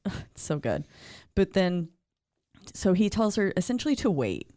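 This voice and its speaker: Woman, podcast co-host, low mellow voice, dry close sound, enthusiastic, swears. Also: big pitch swings, normal speed, dry recording. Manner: enthusiastic, swears freely, acts out quotes. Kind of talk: casual chat recapping a film.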